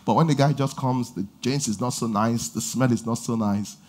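A middle-aged man preaching a sermon in a church, with animated delivery and sudden loud exhortations. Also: medium pitch, moderate pace. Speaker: pastor. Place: church auditorium.

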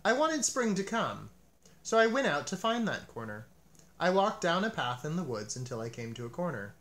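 A man's voice: fairly high pitch, big pitch swings, moderate pace. A man reading aloud voices a cheerful, eager male frog who coaxes his friend along. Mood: storytelling. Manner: bright, coaxing and upbeat.

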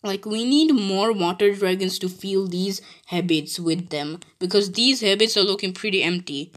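Brief: woman game streamer, giggly, excitable, chatty, medium pitch. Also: moderate pace. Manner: giggly and excitable, breaks into laughter often; chatty, with frequent restarts and exclamations. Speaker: gaming video creator. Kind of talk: casual gameplay commentary.

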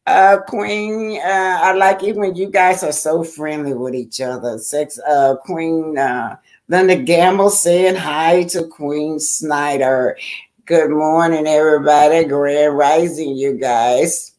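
A woman's voice: low-pitched, slow, darkish tone. An older woman, hosting a casual livestream, chatting and greeting viewers by name in a loose, rambling way. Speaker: YouTube livestream host.

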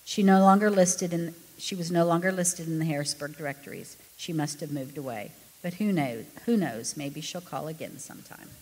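A woman reading a true story aloud to a congregation, with expressive storytelling. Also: deep voice, moderate pace, hardly any pauses. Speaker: pastor's wife reading a story. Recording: echoey hall.

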